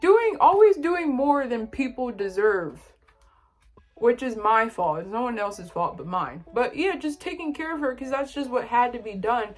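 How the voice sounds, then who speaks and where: A woman's voice: fairly high pitch, lively intonation, moderate pace, faint music behind. A young woman vlogging a casual storytime, exasperated and full of slang.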